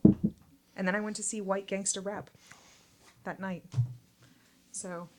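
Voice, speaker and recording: A woman's voice: mid-range voice, steady tone, takes it slowly, a little mellow, a little hiss or hum. A woman co-hosting a casual podcast, chatty and laughing often, swearing now and then, talking into a desk mic. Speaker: podcast co-host. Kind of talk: casual chat. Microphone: studio mic at desk.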